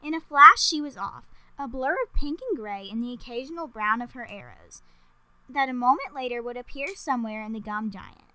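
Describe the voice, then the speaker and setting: A woman reading a children's story aloud in a lively, expressive way. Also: on the high side, brisk, no room sound, low-quality recording.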